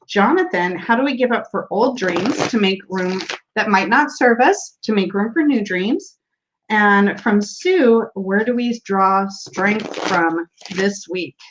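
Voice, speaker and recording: A woman with a medium-pitched voice hosts a casual tarot livestream, speaking a little slowly as she chats, laughs, and reads viewer comments aloud. The audio comes through a streaming setup mic, dull and lo-fi, with a noisy background.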